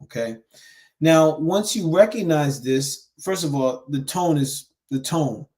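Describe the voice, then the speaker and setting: A man who founded a men's education group, coaching viewers in an earnest, animated live-stream talk with frequent restarts and pauses. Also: on the high side. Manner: mimics harsh self-talk in sharp raised bursts.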